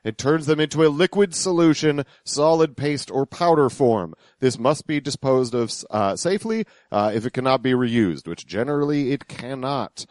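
A man's voice: mid-range voice, lively intonation, moderate pace, hardly any pauses, a little mellow, no room sound. A man co-hosting a podcast, talking casually about radio clips with lots of fillers and restarts. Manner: hesitant, many fillers and restarts. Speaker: podcast co-host.

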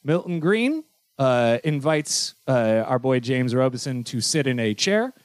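A male podcast host in casual chat, excitable and profane, often laughing. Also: mid-range voice, measured pace, no echo, studio quality.

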